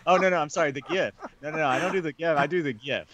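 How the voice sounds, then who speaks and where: A man's voice: a little high, very fast, heavy background noise. A man co-hosting a podcast, chatting casually and jokingly, often hesitating and laughing at himself. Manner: joking, hesitant, self-deprecating. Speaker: podcast co-host. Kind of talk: casual film discussion. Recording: dry, dull lo-fi sound.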